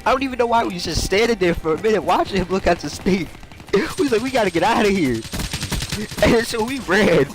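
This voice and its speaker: Brief: young male gamer, high-ish animated voice, slangy storytelling, game gunfire underneath. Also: fairly quick. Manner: loose, slangy, laughs often. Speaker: gaming YouTuber. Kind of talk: casual storytelling over gameplay. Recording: game gunfire noise behind voice. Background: video game gunfire and clicks.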